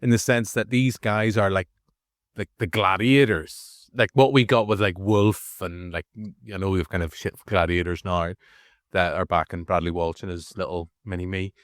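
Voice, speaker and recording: Northern irish guy rambling about movies on a podcast, lowish voice, dead dry mic. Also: normal speed, no room sound. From Northern Ireland. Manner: rambling, restarts, animated asides. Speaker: podcast co-host. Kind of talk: casual movie review chat.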